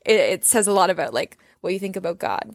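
A woman's voice: lowish voice, animated, fast, no room sound. A young woman talking earnestly and reflectively in a casual faith conversation, often saying "like" and "you know". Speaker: guest sharing her story.

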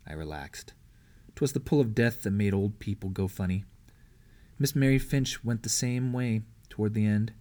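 A man reading a historical novel aloud as an audiobook. His storytelling is steady and measured. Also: lowish voice. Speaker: audiobook reader. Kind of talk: audiobook narration.

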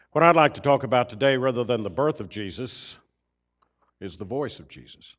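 Earnest preacher man, slightly muffled. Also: on the low side. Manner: earnest, swells louder on key points then drops soft. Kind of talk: sermon. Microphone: microphone system.

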